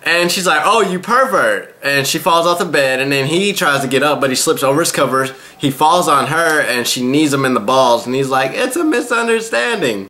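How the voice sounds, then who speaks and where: A man with a bright, sharp-edged voice at an ordinary middle pitch runs through an anime episode scene by scene. His retelling is loose and crude, rambling and swearing freely as he goes. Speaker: anime reviewer. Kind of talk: casual episode recap.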